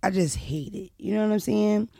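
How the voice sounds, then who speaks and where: A young woman from Philadelphia hosts a loose podcast chat, loud and brash with plenty of swearing. Her voice has a gravelly fry. The sound is dry and close. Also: medium pitch, normal speed, dry recording. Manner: loud, brash, animated, profane. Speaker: podcast host. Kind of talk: casual chat.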